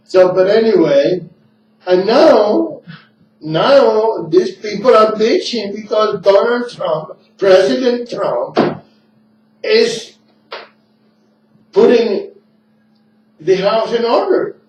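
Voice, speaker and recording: A man who learned English later in life hosts his talk radio show, rambling and circling back over his points. He speaks slowly in a mellow voice. The recording is dull and lo-fi, picked up from a distance in an echoey room. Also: high voice, animated, a little hiss or hum. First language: not English. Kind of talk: casual opinionated talk.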